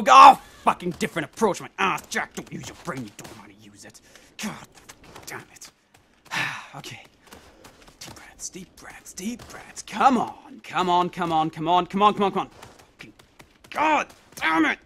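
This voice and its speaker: A young man with a high, bright, forceful voice narrates his own gameplay. He curses nonstop and mutters to himself in constant frustration as he plays at home. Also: a little hiss or hum. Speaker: let's play host. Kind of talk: let's play commentary.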